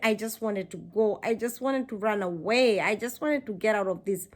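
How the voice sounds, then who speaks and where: Animated woman from Kenya telling a story. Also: on the high side, moderate pace, hardly any pauses. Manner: animated, emphatic, repeats phrases for effect. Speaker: vlogger. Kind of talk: casual storytelling to camera.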